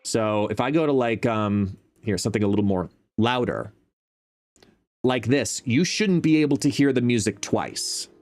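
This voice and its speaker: A man's voice: mid-range voice, animated, normal speed. Chatty man testing his mic on a stream. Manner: chatty, explains while testing his mic, shifts between quiet and loud. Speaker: live-stream host. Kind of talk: casual chat. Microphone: desk microphone, no headphones.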